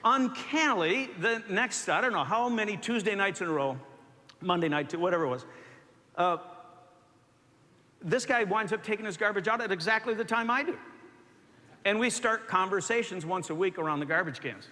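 Pastor guy spinning a funny story, bright high voice, talks loose and chatty, big echoey room. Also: moderate pace, pauses often. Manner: conversational, self-mocking, animated storytelling. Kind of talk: storytelling sermon. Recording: echoey hall with faint ambience.

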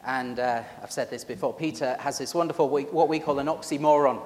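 A man's voice: medium pitch, a little fast, a little mellow, in a large hall. A man with a Yorkshire accent preaching an informal, joking sermon and chatting with his congregation during a church service. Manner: chatty, joking, self-deprecating.

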